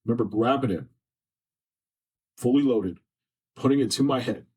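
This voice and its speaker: A man's voice: mid-range voice, moderate pace, a little mellow, slightly rough. A man on a podcast, sharing a personal story in an earnest, repetitive, emotional way. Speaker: podcast guest. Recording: distant mic from faulty setup.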